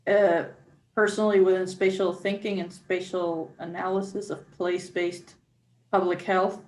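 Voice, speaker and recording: A woman's voice: fairly low pitch, a little hiss or hum, poor audio. A woman faculty member speaking on a panel discussion, explaining at length with frequent restarts and fillers.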